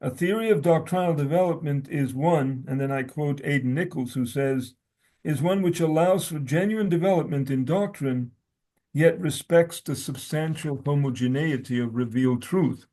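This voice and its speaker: Higher-voiced scholarly man with restarts. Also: moderate pace, warm tone. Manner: stuttering restarts, scholarly quoting of sources. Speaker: guest scholar. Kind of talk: conversation, reading aloud from his own essay.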